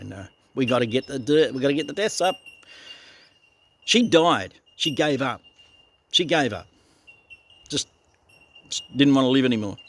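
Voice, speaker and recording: A man's voice: medium pitch, a little hiss or hum. An older man with an Australian accent delivering a blunt, profane, heated ranting monologue as a vlogger.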